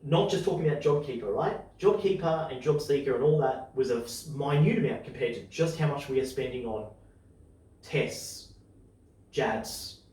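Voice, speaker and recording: A man hosting a podcast, chatting casually and getting excited as he lays out his opinions. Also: medium pitch, distant mic. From Australia. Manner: excitable, opinionated, speeds up and slows down. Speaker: podcast host. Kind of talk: casual chat. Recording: echoey room, voice off-mic.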